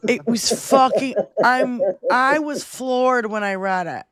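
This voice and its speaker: A woman's voice: fairly high pitch, takes it slowly, a bit bright. A woman co-hosting a casual political livestream, blunt and exasperated, swearing freely. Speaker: livestream co-host.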